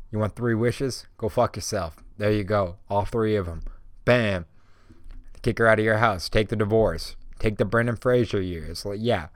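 A man's voice: lowish voice, dry recording. A young man hosting a podcast, ranting casually and heatedly, swearing constantly and filling his talk with "bro" and "like.". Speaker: podcast host. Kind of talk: casual profane rant.

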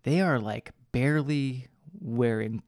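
A man's voice: mid-range voice, slow, a little mellow, no room sound, clean studio sound. Rambling, swearing podcast guy. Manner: rambling, filler-heavy, swears casually. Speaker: podcast co-host reviewing a film. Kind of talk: casual chat.

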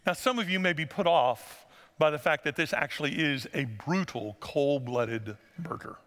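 Bright-voiced pastor preaching in a reverberant hall. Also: male voice, normal speed. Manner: storytelling, acting out voices in a high falsetto. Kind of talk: sermon.

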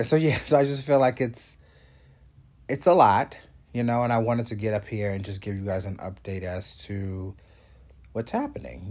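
Congested man chatting casually, low voice. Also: darkish tone. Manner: rambling, chatty, with many fillers and asides. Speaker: show host. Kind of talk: casual vlog update.

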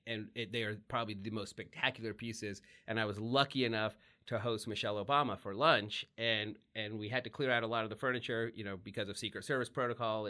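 Bright-voiced man telling personal stories. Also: fairly low pitch. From United States. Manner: animated, laughs often, many restarts. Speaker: guest. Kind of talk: candid personal storytelling.

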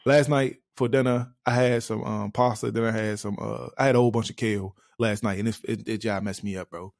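A young man co-hosting a podcast, ranting in a fast, animated, profane casual style. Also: on the low side, creaky, dry recording, studio quality. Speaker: podcast co-host. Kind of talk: casual comedic rant.

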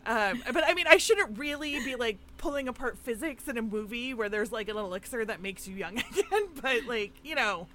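Animated chatty woman with lively pitch. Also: a little fast, few pauses, slight background noise. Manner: chatty, animated retelling with frequent fillers and laughs. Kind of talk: casual chat recapping a film.

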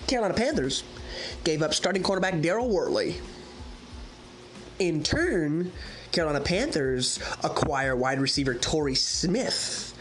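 A man giving a casual sports news update, excitable, swearing and exclaiming as he goes. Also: a little high, unhurried, noisy background.

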